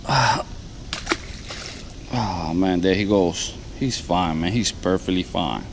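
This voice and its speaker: A man vlogging while fishing outdoors on a lapel mic, talking casually and excitably, with "man" and "bro" in every sentence. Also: deep voice, slow pace, noisy background. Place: outdoors by the water.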